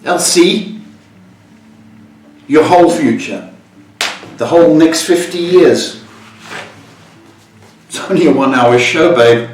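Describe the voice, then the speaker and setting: A man's voice: a little high, slow pace, long pauses, slight background noise. A man hosting a live psychic tarot call-in show, teasing and cheeky with his callers. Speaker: psychic tarot reader, host. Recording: roomy echo, far from mic, music behind.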